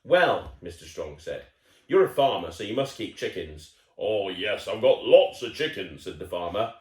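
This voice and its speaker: A man reads a picture book aloud to a young listener, his voice bouncing up and down with lively intonation. He is playful and chatty, stopping for asides. The sound is roomy and echoey. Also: low-pitched, normal speed. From United Kingdom. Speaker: children's storyteller. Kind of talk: reading a picture book to a child.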